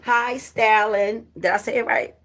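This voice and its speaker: Slow-talking woman livestreaming. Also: a little high, fairly even intonation, a bit bright. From New Jersey. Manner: chatty, playful, greeting viewers by name. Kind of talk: casual live-stream chat.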